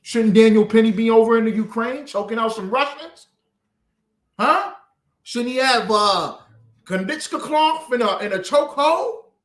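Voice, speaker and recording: Man, fiery preacher, lively pitch swings, echoey recording. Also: measured pace. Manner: fiery, swings from shouting to low muttering. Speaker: street preacher.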